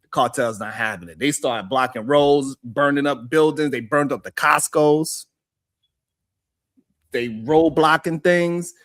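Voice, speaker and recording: A man's voice: fairly high pitch, unhurried, fairly bright tone. A man hosting a live stream, chatting loosely with his co-host, swearing and joking. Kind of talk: casual chat.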